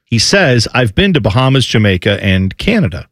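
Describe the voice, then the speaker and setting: A man's voice: medium pitch, sing-song, moderate pace, a bit bright, dry recording, clean studio sound. Man spinning long radio anecdotes. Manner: rambling anecdotal storytelling. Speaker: radio co-host. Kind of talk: casual sports-radio banter. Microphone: studio microphone.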